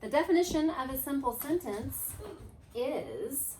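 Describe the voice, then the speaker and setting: A woman's voice: mid-range voice, moderate pace, noisy background. Woman teacher, mid-range voice, coaxing and chant-leading, echoey classroom. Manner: lively, coaxing, leads chants. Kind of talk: classroom grammar review. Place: classroom with a board. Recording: echoey room.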